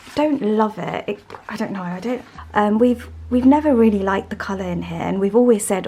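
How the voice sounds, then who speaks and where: A woman chatting casually to the camera in a home vlog, rambling and soft-spoken. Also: mid-range voice, fairly quick, rough recording. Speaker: vlogger. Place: home interior.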